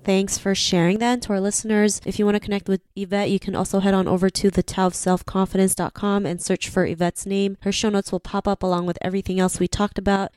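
A woman's voice: mid-range voice, darkish tone, no room sound. A woman hosting a podcast interview, chatty and full of "you know" fillers. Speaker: podcast host.

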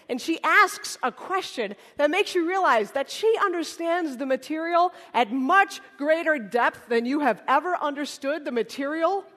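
Woman preacher, high voice, chatty and humorous delivery, echoing worship hall. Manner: conversational and humorous, acts out dialogues. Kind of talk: sermon. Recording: reverberant hall.

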